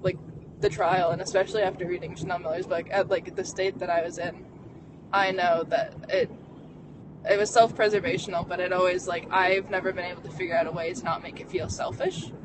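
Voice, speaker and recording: A young adult vlogger recounts a personal story in a candid, halting way, stumbling through fillers and restarts. The voice sits at a middling pitch. It was recorded inside a car, with road noise clearly heard underneath. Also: little pitch movement. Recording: vehicle noise behind.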